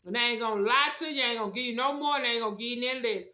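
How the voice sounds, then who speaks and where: A woman's voice: on the high side, racing, sharp tone. A woman casually reviewing snacks at home, chatting straight to her viewers with lots of slang. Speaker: food review vlogger. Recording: echoey room.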